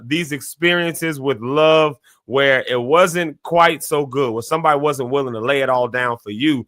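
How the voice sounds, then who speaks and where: A man hosting a morning show, telling a story in a casual, animated way, restarting his sentences often. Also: no room sound, clean studio sound. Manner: animated storyteller, many restarts, sudden jumps in pitch. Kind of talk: casual spoken reflection.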